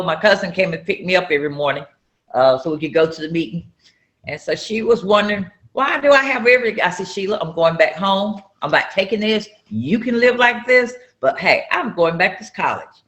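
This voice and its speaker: A woman from North Carolina, telling a personal story in an interview and acting out the dialogue with loud outbursts. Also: mid-range voice. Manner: acts out dialogue with sudden loud raised outbursts. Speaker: interview guest, entrepreneur.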